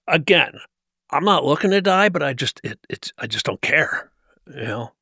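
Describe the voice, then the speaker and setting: A man's voice: a little high, animated, normal speed, vocal fry, pushed and bright, husky, no echo, studio quality. A man from New Jersey, a guest in an interview, telling a personal story in an intense, emphatic way with frequent restarts. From New Jersey, USA. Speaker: guest, motivational speaker. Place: tent set used for a podcast.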